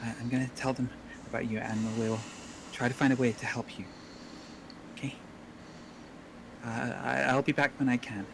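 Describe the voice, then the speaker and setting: A man's voice: mid-range voice, flat delivery, normal speed, gravelly, long pauses, background noise. A man playing a tabletop game, describing his character's actions casually with fillers. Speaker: player.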